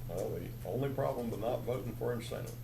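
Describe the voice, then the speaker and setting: A man on the county commission making a measured case with figures at a public meeting. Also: mid-range voice, vocal fry, dark tone. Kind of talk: policy argument at a public meeting. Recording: echoey meeting chamber.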